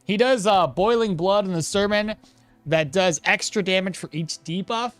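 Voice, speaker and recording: A game streamer giving casual live gameplay commentary, animated and laughing, often trailing off and restarting mid-sentence. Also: medium pitch, moderate pace, dry recording, soft background music.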